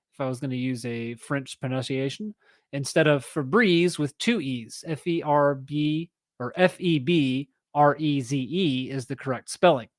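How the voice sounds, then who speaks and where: A man's voice: mid-range voice, no room sound. A man in his thirties hosting a solo podcast, reading an article aloud with chatty, self-correcting asides. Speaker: podcast host.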